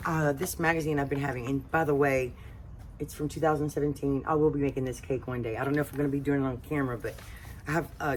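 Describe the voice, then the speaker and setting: A woman's voice: low-pitched, a little hiss or hum. A woman with a Southern US accent hosting a home cooking channel, chatting casually to camera in a rambling way with many fillers.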